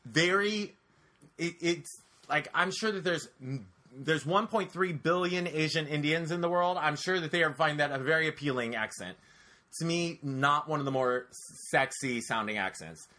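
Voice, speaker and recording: A man telling a personal story on a casual podcast, animated and profane, talking straight to his listeners. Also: a little high, normal speed.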